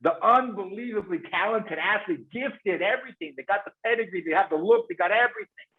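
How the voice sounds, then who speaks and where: A man speaks in a fast, excited rush, doubling words and restarting his thoughts as he goes. His pitch jumps around a lot and sits a bit high. It sounds tinny and narrow, like it came in over a video call. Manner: rapid, passionate, repeats words and restarts. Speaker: guest expert on phone sales teams. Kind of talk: fast enthusiastic webinar talk. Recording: tinny phone-like call audio.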